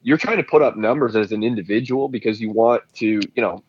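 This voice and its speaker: A man co-hosting a casual sports podcast, rambling in a relaxed, jokey way. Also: fairly low pitch, brisk, husky, no echo, highs cut off. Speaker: podcast co-host.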